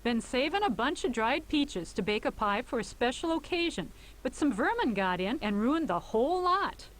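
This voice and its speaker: A woman's voice: high-pitched, big pitch swings, moderate pace. A woman voicing an indignant, easily riled pioneer woman in a computer game. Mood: angry. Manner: huffy, exasperated.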